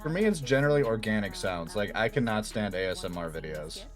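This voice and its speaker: A man chatting casually on his stream, explaining things slowly with many fillers and restarts. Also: on the low side, lively intonation, music in the background.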